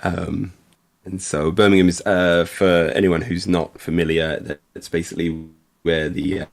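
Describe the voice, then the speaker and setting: Brief: man, low gravelly voice, rambling self-deprecating stream chat. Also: level tone, moderate pace. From Essex, England. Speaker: livestream co-host. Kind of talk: casual chat while painting.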